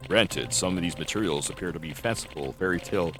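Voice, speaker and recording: A man doing a low, grave professor. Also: music in the background, lightly acted. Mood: explaining. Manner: low, measured and formal. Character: grave middle-aged male folklore professor.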